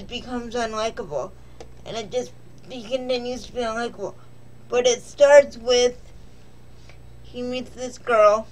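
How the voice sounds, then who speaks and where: A woman's voice: a little high, a little mellow. A woman vlogger casually recapping a film in a rambling, joking, self-deprecating way.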